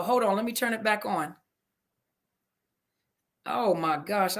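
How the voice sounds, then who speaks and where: A woman therapist chats live with her listeners, reading their comments aloud and answering them. Her voice is bright and forward, and she keeps apologizing to everyone in a flustered, homey way after technical slips. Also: medium pitch, a little slow, long pauses. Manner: apologetic, flustered, Southern-flavored casual speech. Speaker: therapist hosting a live audio room. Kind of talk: casual live-stream chat, reading comments.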